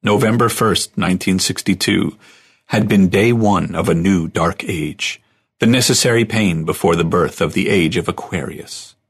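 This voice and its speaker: Deep gravelly male audiobook narrator. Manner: measured storytelling.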